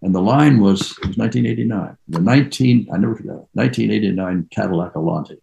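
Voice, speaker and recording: Older male actor, very low gravelly voice, rambling anecdotal storyteller. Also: quick pace, hardly any pauses, mellow, rough recording. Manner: rambling, reminiscing, trails off and restarts. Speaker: actor being interviewed. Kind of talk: casual anecdotal interview.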